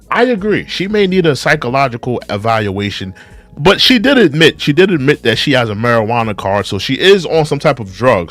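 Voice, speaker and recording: A man's voice: medium pitch, a bit bright. A young man hosting a reaction video, casually commenting on a clip, repeating rhetorical questions and reading viewer comments aloud. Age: young adult.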